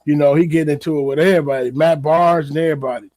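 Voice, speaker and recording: Male podcast host, casual solo commentary, slightly high voice, dry close sound, loose and repetitive delivery. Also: steady tone, very fast, a little mellow, no echo. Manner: loose, conversational, repeats words, many fillers.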